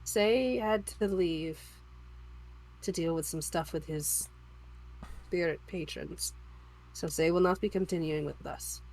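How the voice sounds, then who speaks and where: A woman player in a live-streamed tabletop game, explaining things in an unhurried way. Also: fairly low pitch, darkish tone, poor audio.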